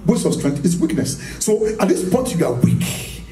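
A man's voice: high-pitched, very animated, moderate pace, mellow, soft background music. Emphatic male preacher in an echoey hall. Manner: emphatic, repeats phrases, rhetorical questions to the audience; laughs often while preaching. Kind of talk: charismatic sermon. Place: church hall. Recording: echoey hall, mic from a distance.

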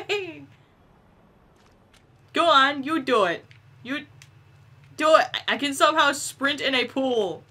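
A young woman casually commenting on a game she is playing, excitable and giggly, swearing often. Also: high-pitched, slow pace, pauses often. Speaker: gameplay commentator. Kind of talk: casual let's-play commentary.

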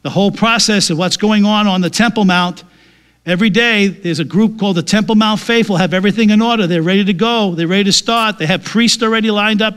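High-voiced emphatic male pastor. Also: smooth. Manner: emphatic, repeats key phrases for stress. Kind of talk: sermon.

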